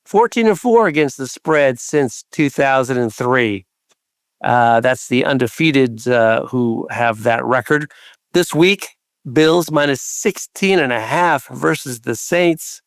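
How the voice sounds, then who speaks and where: A man co-hosting a sports betting podcast, briskly reading through trends and numbers with the odd filler. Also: mid-range voice, dry recording. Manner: brisk, numbers-heavy delivery with filler uhs. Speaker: podcast co-host.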